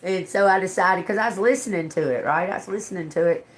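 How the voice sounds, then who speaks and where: Woman, lower voice, casual tarot live-streamer at home, rambling and salty-mouthed, laughs a lot. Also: fast talker. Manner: rambling, laughing, cursing storyteller. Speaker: tarot reader. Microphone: phone.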